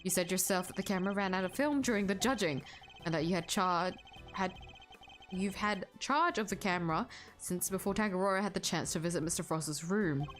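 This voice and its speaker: A woman with an Australian accent voicing a composed male prosecutor who questions in a formal, measured way. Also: on the low side, fairly bright tone, soft background music, lightly acted. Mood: stern.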